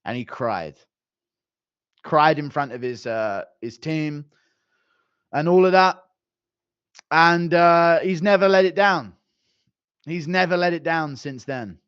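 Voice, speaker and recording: A young man reading and answering viewer chat on a casual live stream, animated and joking, with some mild swearing. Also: on the high side, slow pace, long pauses, smooth, no echo, highs cut off.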